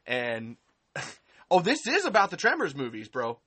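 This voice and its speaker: A woman's voice: deep voice, huge pitch swings, a little slow, long pauses, a bit bright, breathy edge. A woman hosting a live stream, ranting angrily and sarcastically with heavy swearing and repeated emphasis. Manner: angry, profane, sarcastic, repeats herself for emphasis. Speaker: podcast host on a live stream.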